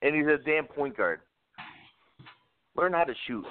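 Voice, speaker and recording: A man's voice: on the high side, expressive, normal speed. A man co-hosting a sports podcast, giving blunt, emphatic opinions in casual chat. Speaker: podcast co-host. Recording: phone-like dry line.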